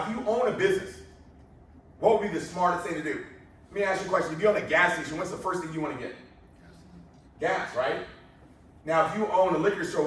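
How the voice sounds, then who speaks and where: A man's voice: on the high side, a little hiss or hum. A man giving a motivational sales presentation, asking the crowd rhetorical questions and telling stories with energy. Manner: rhetorical questions, animated storytelling. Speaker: business presenter. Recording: echoey room from far off.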